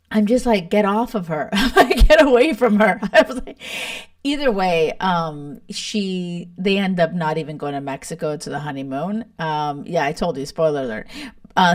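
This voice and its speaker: A young woman hosting a podcast, chatting casually and laughing often, with many fillers like "like" and "you know". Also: medium pitch. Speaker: podcast host. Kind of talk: casual chat recapping a reality show.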